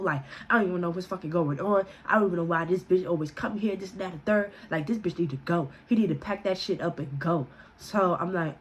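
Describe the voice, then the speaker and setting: Profane storytelling woman, animated. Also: fairly quick, slight background noise. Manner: animated, profane, quotes people with raised pitch. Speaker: vlogger telling a story. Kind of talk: casual storytime.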